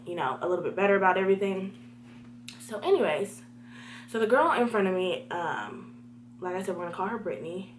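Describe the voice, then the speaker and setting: A young woman telling a storytime vlog, animated and talking straight to her viewers. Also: lowish voice, slight background noise. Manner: animated, talks to viewers directly.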